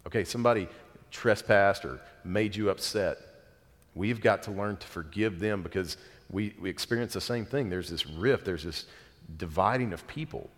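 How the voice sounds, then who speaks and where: Pastor, male, 30s, low voice; conversational sermon with a long hall reverb. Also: moderate pace. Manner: conversational, earnest, self-deprecating asides.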